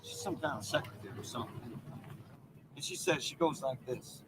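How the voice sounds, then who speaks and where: A cocky Southern man with a loud, drawling swagger fills this film scene. in a high, bouncing voice that leaps all over the place, trying to charm anyone nearby. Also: huge pitch swings, brisk, creaky, noisy background, exaggerated voice. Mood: boastful. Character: brash Southern man flirting and bluffing. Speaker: film character. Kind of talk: film dialogue.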